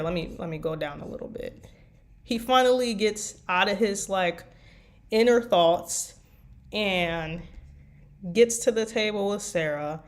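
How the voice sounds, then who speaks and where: A tired woman chatting casually about writing her fanfiction, rambling with lots of fillers. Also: medium pitch. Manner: rambling, meandering with many fillers. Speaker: fanfiction writer. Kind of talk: casual chat.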